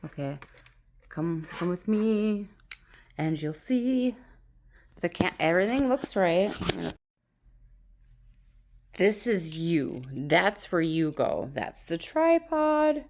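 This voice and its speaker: Excitable woman chatting in a casual vlog. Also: lowish voice, slow, long pauses. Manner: excitable, gushing, laughs often. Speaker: vlogger. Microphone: phone camera on tripod.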